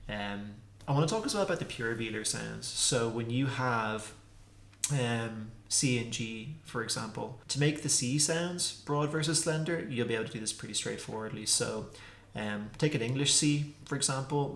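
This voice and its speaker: A man teaching a casual pronunciation lesson, repeating consonant sounds slowly to demonstrate them. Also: medium pitch, vocal fry, fairly bright tone. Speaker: language teacher. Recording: echoey room.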